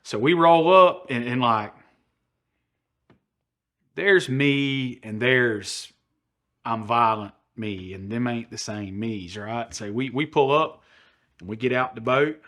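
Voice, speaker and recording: A man's voice: mid-range voice, takes it slowly, pauses often, fairly bright tone. A middle-aged man with a Southern US drawl. He tells a rowdy, profane story as a podcast co-host and slips into the voices of the people he quotes. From American South. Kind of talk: animated storytelling.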